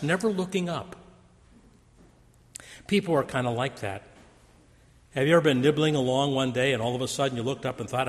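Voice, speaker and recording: A man preaching a sermon, telling stories in an animated storytelling manner. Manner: storytelling with wide pitch swings. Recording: long hall reverb.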